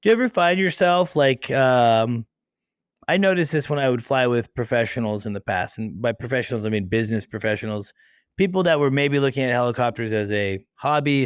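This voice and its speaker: A man's voice: mid-range voice, smooth, no echo, clean studio sound. A man hosting a podcast, chatting casually in a rambling, self-deprecating way. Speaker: podcast host. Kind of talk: casual interview chat.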